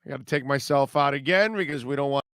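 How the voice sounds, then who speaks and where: Blunt, sarcastic sports radio host. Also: male voice, medium pitch, quick pace, fairly bright tone, clean tone, dry recording, studio quality. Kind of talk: opinionated sports talk.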